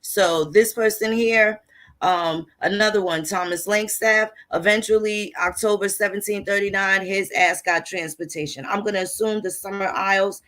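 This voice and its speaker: A woman's voice: medium pitch, steady tone, normal speed, a bit bright. Woman, blunt, profane, casual history talk, conversational. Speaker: history channel host. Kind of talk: casual lecture over on-screen records.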